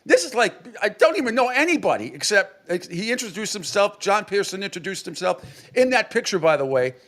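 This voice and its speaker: A man's voice: sits high, sing-song, brisk, fairly bright tone. A middle-aged man from New England, a sports radio host, telling a rambling story with many restarts and acted-out quotes. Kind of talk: casual storytelling.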